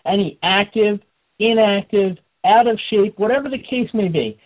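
A man hosting a wrestling radio talk show, energetic and quick to laugh. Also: high-pitched. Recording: phone-like radio audio.

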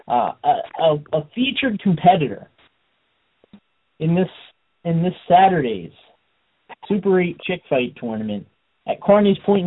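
Man radio host on a tinny line. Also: on the high side. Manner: energetic, laughs often. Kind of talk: casual radio talk. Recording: phone-like radio audio.

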